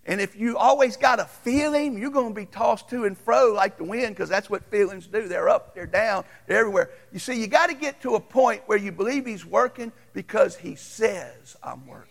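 A man's voice: high voice, gravelly, a bit bright, long reverb tail. A middle-aged male pastor, preaching a folksy, conversational storytelling sermon. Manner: folksy, conversational, quick to chuckle.

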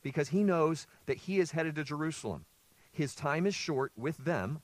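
A man's voice: on the high side, expressive, normal speed, no echo. A male pastor preaching a sermon. He reads scripture aloud, explains it, and puts questions to the listeners before answering them himself.

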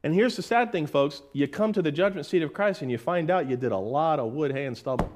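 A middle-aged man preaching a sermon in a folksy way, calling listeners "folks" and reading scripture slowly and with emphasis. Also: a little high, a little mellow. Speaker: pastor.

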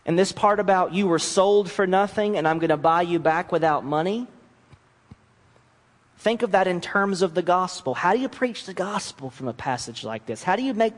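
A man's voice: high voice, in a large hall. A man preaching a sermon and acting out the voices of the scriptures he reads. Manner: animated, acts out voices of mocking nations and God.

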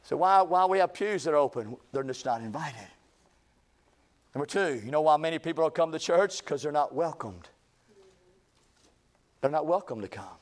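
A man's voice: on the high side, animated, normal speed, pauses often. A male pastor preaching a folksy, conversational sermon that builds into emphatic runs.

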